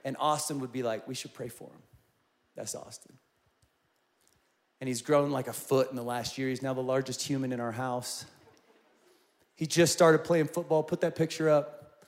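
A man in his forties preaching a sermon, telling personal stories in an animated way and rising to loud, emphatic peaks. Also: mid-range voice, moderate pace, long pauses. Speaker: pastor.

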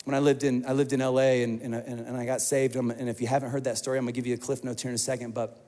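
A man preaching a sermon as pastor, an animated storyteller who acts out the quoted voices. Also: medium pitch, rapid-fire. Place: church hall. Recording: long hall reverb.

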